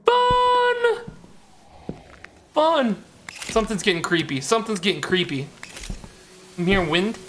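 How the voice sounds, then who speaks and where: This high-voiced man comments live on a horror game, nervously addressing himself and the game and repeating lines when scared. He speaks fairly quickly with frequent pauses, in a slightly bright tone over light background noise.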